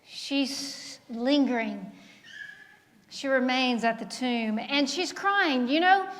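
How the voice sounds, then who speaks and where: A woman's voice: high voice, slow, fairly bright tone. A woman pastor preaching a sermon, drawing out her words and asking the congregation questions. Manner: preaching with call-and-response questions. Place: church sanctuary. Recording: long reverb of a sanctuary.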